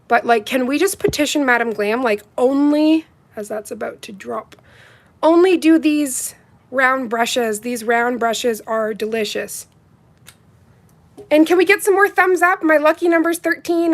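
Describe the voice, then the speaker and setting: A woman with a fairly high voice, hosting a casual livestream from her home. She talks warmly and heartfelt to her viewers, gushing over each one by name as she reads their comments. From Canada. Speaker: livestream host reviewing nail polish.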